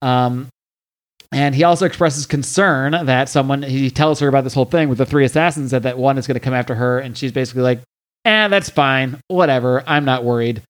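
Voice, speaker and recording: With a steady tone and a mid-range voice, a man talks quickly as he hosts a podcast recapping a comic book. The delivery is casual, thick with fillers and restarts, and he speaks the dialogue aloud.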